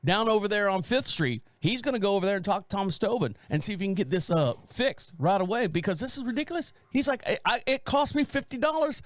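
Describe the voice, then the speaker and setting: A man's voice: high-pitched, quick pace, few pauses, no echo. A man in his forties co-hosting a casual chat, telling a story and quoting his neighbor in voices. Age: 40s. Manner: animated storyteller, quotes neighbor in put-on voices. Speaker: podcast co-host.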